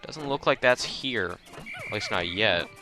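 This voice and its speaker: A man's voice: lowish voice, animated, unhurried, music in the background. A man hosting a let's play, giving casual, chatty and self-mocking commentary as he plays.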